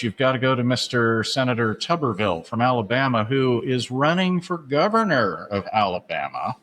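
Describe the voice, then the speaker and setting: A man in the middle of his range hosts a casual sports talk show. He rambles from one tangent to the next with a relaxed, conversational rhythm and frequent filler words. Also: mid-range voice, normal speed, few pauses. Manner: chatty, many "uh" fillers, laughs at his own asides. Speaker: podcast host.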